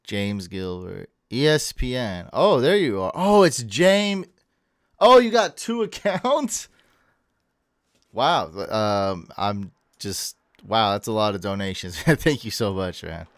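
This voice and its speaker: Tired guy rambling on his livestream, lowish clean voice, dry close sound. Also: very animated, takes it slowly, no echo. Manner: chatty, rambling, thanks viewers and stumbles over names. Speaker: livestream host. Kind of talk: casual livestream chat reading viewer comments. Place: home room.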